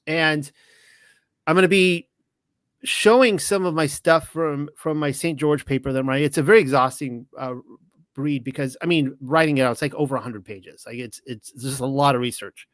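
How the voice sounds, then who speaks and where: A man's voice: a little high, moderate pace, dry recording. A man hosting a podcast, talking in a casual, rambling monologue with many restarts and self-corrections. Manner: retells stories with lively quoted dialogue. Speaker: podcast host.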